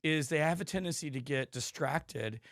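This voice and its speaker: Male podcast host, hoarse, emphatic storyteller, higher-pitched, dry close sound. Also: moderate pace, a bit bright, no room sound. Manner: emphatic storytelling with frequent restarts. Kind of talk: casual interview chat.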